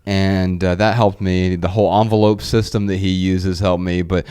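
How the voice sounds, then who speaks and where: Low, smooth-voiced male podcast co-host in his thirties, eager rambling chat. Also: little pitch movement, moderate pace, mellow. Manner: rambling, enthusiastic, frequent restarts. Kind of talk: casual chat.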